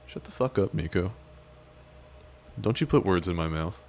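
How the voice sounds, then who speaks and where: Male streamer, very low voice, teasing and crude, faint hiss behind. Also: expressive, moderate pace, a little mellow. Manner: teasing, crude, mock-menacing. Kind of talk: casual stream chat reacting to clips.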